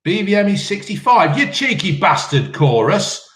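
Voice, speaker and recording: With a high, very animated, somewhat bright voice at a moderate pace, a man in his fifties reads viewer questions on a casual live stream and answers with sweary, blunt, cheeky banter. The room is echoey.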